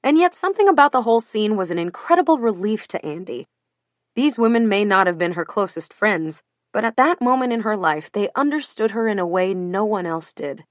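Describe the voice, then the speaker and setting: A woman reading a novel aloud as an audiobook narrator, in a steady, even storytelling manner. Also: mid-range voice, fairly quick, no room sound, lo-fi sound. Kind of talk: scripted narration.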